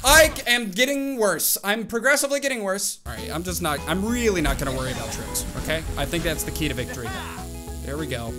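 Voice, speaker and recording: Excitable young man narrating his gameplay. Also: on the high side, fast talker, low-quality recording. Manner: excitable, talks to himself, swings between groans and cheers. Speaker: gaming channel host. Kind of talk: casual gameplay commentary. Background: game music.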